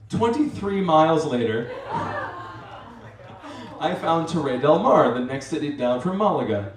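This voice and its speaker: On stage at a live storytelling event, a man serving as storyteller and master of ceremonies tells a rambling, self-mocking comic story, acting out his own asides. His voice is fairly high and animated at a moderate pace, recorded from far off in a roomy venue.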